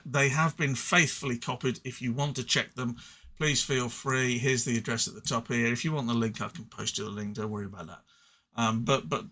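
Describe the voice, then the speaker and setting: This is a man from England, English-accented, reviewing card game cards on his own in a relaxed way. His voice sits in the mid range with a slight brightness, and he wanders, jokes at his own expense, and keeps stumbling into restarts.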